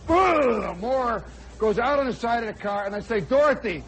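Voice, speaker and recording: A man in his forties, a radio host telling a comic personal story in an animated way, now and then shouting for effect. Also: very high voice, moderate pace, low-quality recording. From United States. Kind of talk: spoken storytelling monologue. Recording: old radio broadcast with faint crowd and noise.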